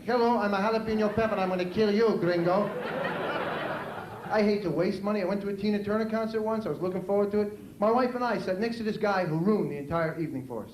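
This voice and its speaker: A man with a New York accent performing a stand-up comedy routine on a club stage, delivering jokes punchily and shouting out his character bits. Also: high-pitched. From New York City. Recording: echoey club with crowd noise.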